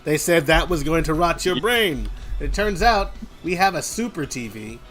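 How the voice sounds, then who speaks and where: A man's voice: a little high, expressive, normal speed, a bit bright, soft background music. A man on a game developer's stream, chatting casually and goofing around in silly voices. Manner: goofy, rambling, slips into silly put-on voices.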